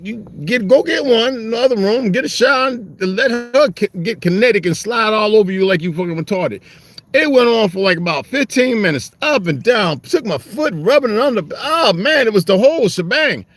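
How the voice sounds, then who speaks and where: Animated, profane man telling stories. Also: a little high. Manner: profane, rambling, animated storyteller. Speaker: host reading aloud and commenting. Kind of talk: casual storytelling monologue.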